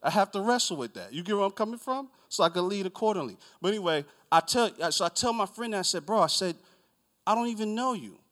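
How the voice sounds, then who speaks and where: A man's voice: sits high, lively intonation, quick pace, hardly any pauses, a bit bright. A man pastor preaching a sermon as a rambling, conversational story, acting out dialogue.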